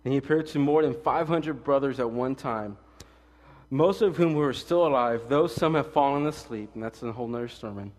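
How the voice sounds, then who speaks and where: A male pastor preaching a casual, fast-talking sermon with jokes and stories, swinging between loud emphatic lines and quiet asides. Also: mid-range voice, long reverb tail.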